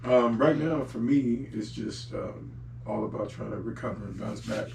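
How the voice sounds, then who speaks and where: A deep-voiced man guests on a podcast, talking in a relaxed, easygoing way. His voice has a gravelly edge. He sits back from the mic in an echoey room. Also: normal speed, distant mic, slight background noise. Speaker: guest, singer and songwriter. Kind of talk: casual podcast chat.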